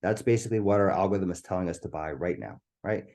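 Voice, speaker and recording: A man presenting a live webinar whose voice is getting hoarse. He talks with eager enthusiasm and keeps checking in with "right?". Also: low-pitched, expressive, fast, darkish tone. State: voice going hoarse.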